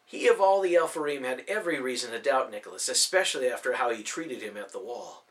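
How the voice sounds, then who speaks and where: A man reading a fantasy story aloud as scripted narration, with expressive storytelling. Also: mid-range voice, quick pace. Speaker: audiobook narrator.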